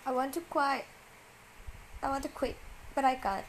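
A woman with a slightly high voice shares her worries in a soft, confessional monologue. She talks haltingly, circles back over the same words and gropes for what to say next. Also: fairly even intonation, slight background noise, rough recording. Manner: hesitant, halting and repetitive, searching for words. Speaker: vlogger.

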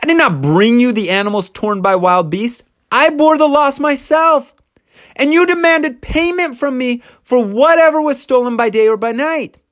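A man's voice: very high voice, normal speed, a bit bright, pitched above the performer's own voice. A man voicing an aggrieved shepherd from a Bible story, reading his words in a declamatory way. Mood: furious. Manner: heated, declamatory scripture reading. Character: wronged hardworking biblical shepherd, a grown man.

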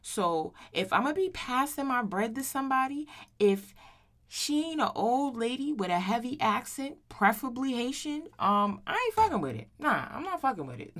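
A woman's voice: a little high, sing-song, moderate pace, fairly bright tone. Woman in her thirties, podcast host, casual solo monologue, blunt, slangy, swears freely. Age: 30s. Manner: blunt, profane and slangy, tags lines with "right?".

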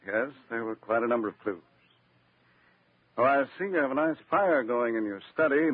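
A calm district attorney. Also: male voice, medium pitch, slightly rough, no echo. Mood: measured. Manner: dry, measured, authoritative. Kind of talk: 1940s radio acting. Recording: dry lo-fi vintage radio broadcast.

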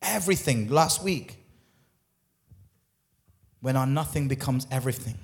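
A man's voice: mid-range voice, lively intonation, a little slow, gravelly. A man preaching a sermon as lead pastor, emphatic, repeating phrases and asking the congregation questions. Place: church.

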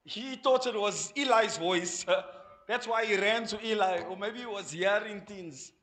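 High-voiced, animated South African pastor. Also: male voice, measured pace. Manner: animated, acts out voices and laughs while preaching. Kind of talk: sermon. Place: church. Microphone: handheld mic.

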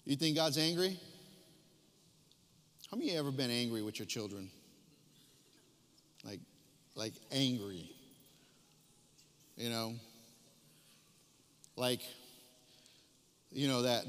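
A middle-aged male pastor with a notably high voice, preaching in a church hall with a long echo. He repeats key phrases and swings between loud, drawn-out lines and hushed asides. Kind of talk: sermon. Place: church sanctuary.

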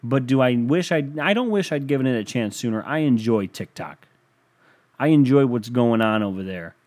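A man's voice: medium pitch, expressive, moderate pace, a little mellow. A young man hosting a podcast in a rambling, profane, self-mocking casual monologue. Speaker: podcast host.

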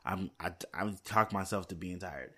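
A man's voice: sits low, moderate pace, bright, forceful tone. A man chatting casually to his viewers, rambling and thinking aloud with many fillers and restarts, a little tired. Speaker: movie news vlogger. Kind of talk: casual chat to camera.

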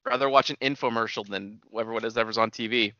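A man in casual chat, swearing freely and chiming in with quick agreement. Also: on the low side, steady tone, sharp tone, no room sound, highs cut off. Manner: profane, quick agreeing interjections. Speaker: podcast co-host.

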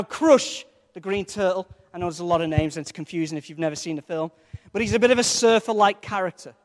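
A man preaching a sermon in a conversational, jokey way, with playful asides to the congregation. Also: extremely high pitch. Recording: long reverb of a large hall.

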